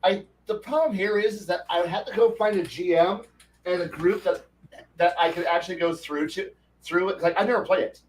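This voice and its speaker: A man co-hosting a casual gaming chat, ranting in an animated way and swearing freely. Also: high voice, brisk, far from the mic, a little hiss or hum, poor audio. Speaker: podcast co-host.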